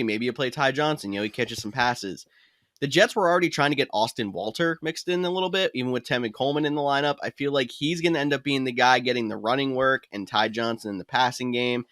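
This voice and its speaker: Podcast co-host, man, mid-pitched and chatty, casual advice, dry close mic. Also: a bit bright, no echo. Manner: quick, chatty, laughs easily. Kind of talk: casual fantasy football chat.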